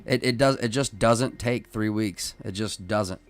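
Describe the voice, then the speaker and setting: A man hosting a casual live-stream podcast, who talks in an emphatic, rambling way with many restarts and works himself up into loud, excited rants. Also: lowish voice, a little slow, faint music behind. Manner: rises into loud, excited ranting. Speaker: podcast host.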